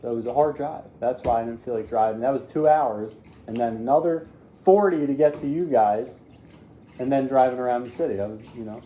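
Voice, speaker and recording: A man's voice: mid-range voice, a little fast, muffled recording, slight background noise. A young man chatting casually as a co-host, adding details to the story with a lot of fillers. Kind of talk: casual chat.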